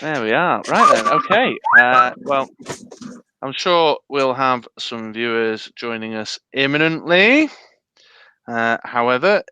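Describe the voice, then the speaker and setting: A man's voice: medium pitch, pushed and bright, smooth, no echo. A man co-hosting a casual live stream, rambling and hesitant with lots of fillers. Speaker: podcast co-host. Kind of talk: casual live-stream chat about a dice game.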